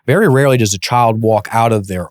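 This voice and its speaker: A man's voice: on the low side, quick pace, no echo. A man talks through a coaching story on a podcast, voice lifting and dropping as he acts out both sides of the dialogue. He often stops and restarts his sentences. The sound is dry and close to the mic. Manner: animated, many restarts, acts out quoted dialogue. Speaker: guest, breathwork and mindset coach. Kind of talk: casual conversational storytelling.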